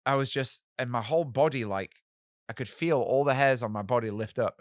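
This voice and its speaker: A man in his thirties, a musician guest telling animated stories in an interview and acting out the voices of people he quotes. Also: mid-range voice, a little fast, no room sound, studio quality. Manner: animated, acts out quoted voices, swears casually. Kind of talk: storytelling in a podcast interview.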